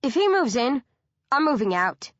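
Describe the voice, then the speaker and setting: A woman's voice: a little high, expressive, moderate pace, dry recording, highs cut off, voice pushed up. Snarling sarcastic teen zombie girl, as a woman reads her. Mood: hostile. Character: brash defiant teenage girl zombie.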